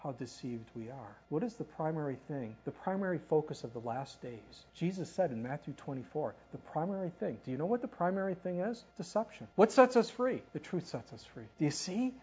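A woman's voice: sits low, expressive, a little fast, hardly any pauses, a little mellow. A woman preaching a sermon in a conversational way, asking rhetorical questions and reading scripture aloud. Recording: dull lo-fi recording.

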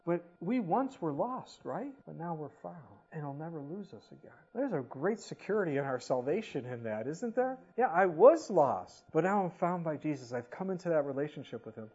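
A man's voice: mid-range voice, dark tone, husky, lo-fi sound. A man preaching a sermon as a pastor, reading scripture aloud and then explaining it in casual, conversational asides.

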